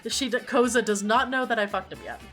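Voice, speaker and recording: A woman's voice: a little high, brisk, fairly bright tone, faint music behind. A woman streamer chatting casually and animatedly, laughing often and swearing freely.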